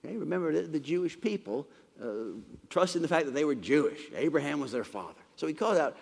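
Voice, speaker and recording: A man's voice: fairly high pitch, expressive, quick pace, gravelly, slightly rough, in a large hall. A man preaching a sermon, retelling a passage and often stumbling over repeated words. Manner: expository retelling with frequent stumbling word repeats.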